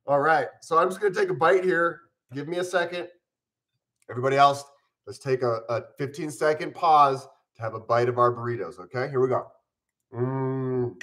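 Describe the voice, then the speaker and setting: A man's voice: on the high side, normal speed. Upbeat man chatting on a live stream. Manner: upbeat, chatty, eating on camera. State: mildly ill with covid. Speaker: vlogger hosting a live stream. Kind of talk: casual live-stream chat. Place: at home.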